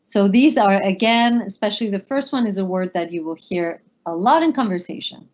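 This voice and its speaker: A woman teaching a language class, explaining rules in a relaxed, conversational way with fillers. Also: medium pitch, fairly quick. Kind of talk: explaining in a lesson. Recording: dull lo-fi sound.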